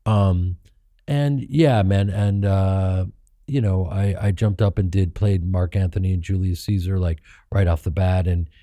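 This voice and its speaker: A middle-aged man with a low, dark voice tells candid stories in an interview. He is animated and profane, and he jumps higher when he acts out the people he quotes. The sound is dry and close to the mic. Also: measured pace, no room sound. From Chicago, United States. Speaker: guest actor and comedian.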